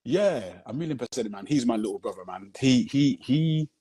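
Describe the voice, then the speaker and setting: A film director appears as a guest on a live video chat, speaking over a phone on the stream. His husky, mellow voice sits in the mid range and moves at normal speed with animated delivery. He tells his story earnestly, constantly checking if you follow with "you know what I'm saying."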